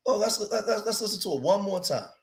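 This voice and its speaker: Dude doing a reaction stream, gets loud and fired up, talks to y'all. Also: male voice, sits high, fairly quick, a little hiss or hum. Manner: animated, rising to loud emphatic outbursts, addresses viewers as y'all. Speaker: commentary host. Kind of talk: casual reaction commentary.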